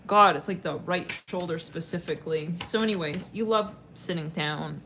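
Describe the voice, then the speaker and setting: A woman talks her way through a tarot reading in a loose, rambling way, full of filler words, slang and casual swearing. Her voice sits fairly low, and a faint background noise runs under it. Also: normal speed, hardly any pauses, fairly bright tone. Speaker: tarot reader.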